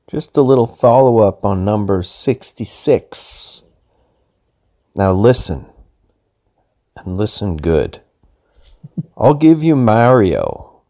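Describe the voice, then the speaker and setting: A man's voice: on the low side, warm tone. A man leaving a mock-stern voicemail for a podcast, scolding theatrically over a name's pronunciation. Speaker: caller leaving a voice message. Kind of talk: recorded voicemail rant.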